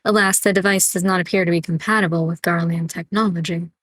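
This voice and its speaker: A woman voicing a formal male engineer chief who explains things in a measured, earnest way. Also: lowish voice, steady tone, fairly bright tone, dry recording. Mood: explaining.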